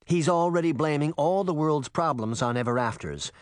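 A man voicing a calm, careful young mother who speaks reassuringly to her daughters, in a storybook reading. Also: a little high, moderate pace, no echo, clean studio sound, pitched above the performer's own voice, close to an everyday voice. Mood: serious.

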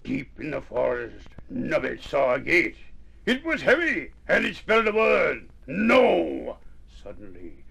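A man reading a children's story aloud, slow and expressive. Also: mid-range voice, gravelly, husky, low-quality recording.

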